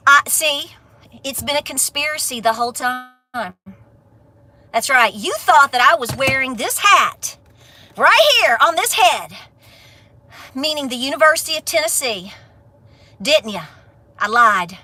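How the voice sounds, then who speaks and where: A woman's voice: high voice, lively intonation, a little slow, long pauses, bright, forceful tone, a little hiss or hum. A woman with a Southern Appalachian accent, a homestead vlogger ranting to camera in a folksy, sassy, fired-up way. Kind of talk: casual rant to camera.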